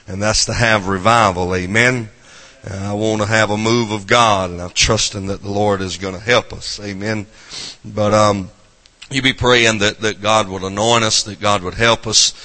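A man's voice: fairly low pitch, pushed and bright, big-room sound. A man with a Southern accent from South Carolina, preaching a folksy revival sermon to a congregation and dropping in frequent amens.

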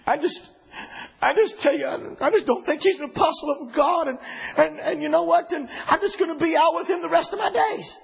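A preacher acting as a sulking young disciple. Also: male voice, extremely high pitch, brisk, creaky, voice pushed up, full character voice, rough recording. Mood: indignant.

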